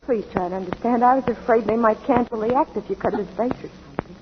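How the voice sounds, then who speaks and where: A woman's voice: on the high side, fast, close to an everyday voice. An actress playing a young female dancer, tender and torn, with breathless emotional pleading in 1940s radio acting. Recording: dull 1940s radio recording with clear hiss.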